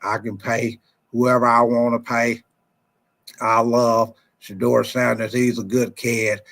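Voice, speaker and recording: A man doing an impression of an elderly team owner, talking in a low, slow, halting drawl and repeating his words. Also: little pitch movement, gravelly, a bit bright.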